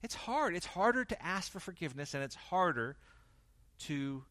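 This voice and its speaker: A man preaching a sermon, swinging from loud emphasis to quiet intensity and acting out the dialogue he quotes. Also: sits high, very animated, moderate pace, no room sound. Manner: acts out quoted dialogue in varied voices. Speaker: pastor.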